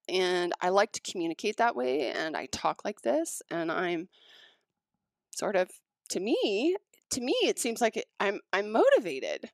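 A woman talking casually as a podcast co-host, excitable and animated as she tells stories. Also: mid-range voice, measured pace, no echo. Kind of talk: casual chat.

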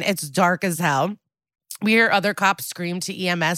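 A woman with a fairly low voice tells a story in a relaxed, chatty way, with a lot of fillers. She acts out quoted lines, and her pitch leaps up for each one. The sound is dry and close to the mic. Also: moderate pace, dry recording. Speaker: podcast co-host recapping an episode. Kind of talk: casual chat.

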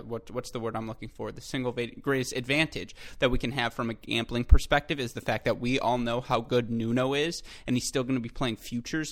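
Male solo podcast host, mid-pitched, eager and chatty, direct to listeners, loose self-corrections. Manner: enthusiastic, chatty, addresses listeners as folks; frequent self-corrections and filler. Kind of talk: solo tennis podcast commentary.

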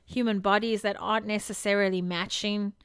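A woman's voice: mid-range voice, fairly even intonation, fairly quick, smooth, no echo, clean studio sound. A woman co-hosting a podcast, chatting casually and laughing as she retells things. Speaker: podcast co-host. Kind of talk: casual chat.

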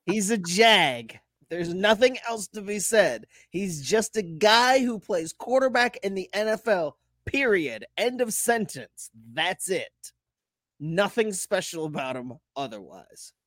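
A man's voice: sits high, lively intonation, unhurried, few pauses, a bit bright, no echo, studio quality. Profane, ranting co-host man. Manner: profane, blunt rants. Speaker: podcast co-host. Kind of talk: casual sports chat.

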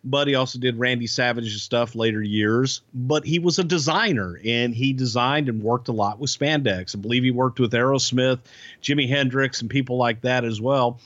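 A man who is a guest on a podcast, talking bluntly in a gruff, casual way and swearing freely. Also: mid-range voice, normal speed, a bit bright, no echo, muffled recording.

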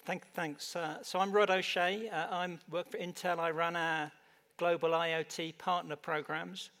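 Panelist, English man, slightly high gravelly voice, hesitant, in a reverberant hall. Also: flat delivery, a little slow, pushed and bright. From United Kingdom. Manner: hesitant, many fillers and restarts. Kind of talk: conference panel talk. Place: conference stage. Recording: reverberant hall on stage mic.

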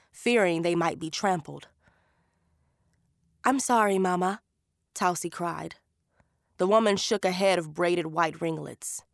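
Slow, gravelly woman narrator. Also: fairly low pitch, dry recording, clean studio sound. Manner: measured, unhurried. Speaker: audiobook narrator. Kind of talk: scripted story narration.

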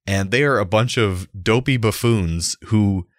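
A young adult man, co-hosting a casual podcast chat as an animated storyteller who laughs often. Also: lowish voice, a little slow, no room sound, clean studio sound. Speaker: podcast co-host.

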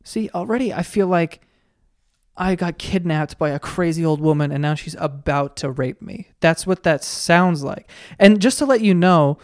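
A man's voice: a little high, normal speed, no echo. Profane, rambling man on a dry mic. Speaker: podcast host. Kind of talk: casual comedic rant. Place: at a computer, searching online.

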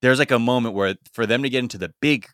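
A man's voice: medium pitch, fast talker, a bit bright, no room sound, clean studio sound. A man hosting a podcast, retelling things in a loose, rambling way full of fillers. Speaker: podcast host. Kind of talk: casual chat.

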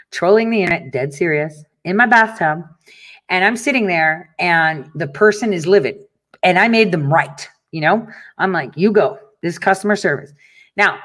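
A middle-aged woman talks straight to her viewers in a casual, ranting monologue. Her pitch swoops up and down as she tells stories, breaking into laughter and cursing freely. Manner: animated storytelling, laughs often, swears. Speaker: online show host.

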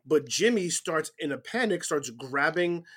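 A man chatting casually on a wrestling podcast, retelling a match blow by blow in an animated way. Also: on the high side, a little slow, slightly rough.

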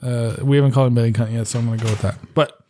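A man's voice: mid-range voice, steady tone, rapid-fire, warm tone, a little hiss or hum. Profane ranting man on a podcast. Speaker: podcast host. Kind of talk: casual chat.

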